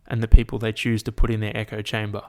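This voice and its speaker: Aussie bloke on his solo podcast, lowish voice, swears a ton, rants and tells stories, says like constantly. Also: fast. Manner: ranting, heavy swearing, lots of "like" fillers; animated storytelling to the listener. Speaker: podcast host.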